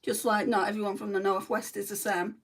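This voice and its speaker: A woman's voice: mid-range voice, level tone, fairly quick, distant mic. Lancashire woman chatting through her makeup. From North West England. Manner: chatty, answers live comments, blunt. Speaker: makeup livestreamer. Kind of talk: casual chat while doing makeup.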